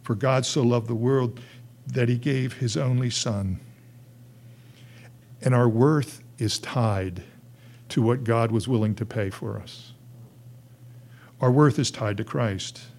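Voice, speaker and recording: A man delivers a sermon in an earnest pastoral voice at a middling pitch. He swings between rising, emphatic peaks and quiet, hushed asides. His phrasing is conversational and full of restarts. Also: slow, pauses often.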